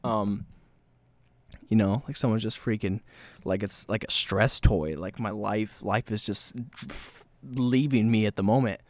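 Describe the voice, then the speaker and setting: A man hosting a solo podcast, rambling and self-mocking, slightly breathless, slipping into quick voiced bits. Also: lowish voice, darkish tone, no room sound. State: slightly breathless from talking fast. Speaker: podcast host.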